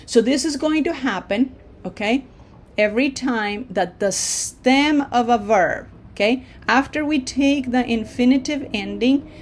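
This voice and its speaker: A woman teaching Spanish verb forms in English, explaining patiently step by step and checking in with "okay?". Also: a little high. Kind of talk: online language lesson.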